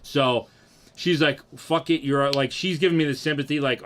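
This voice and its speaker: A young man casually telling a profane, animated story about himself and acting out what people said. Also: medium pitch, normal speed, slight background noise. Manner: animated, profane, acts out quotes.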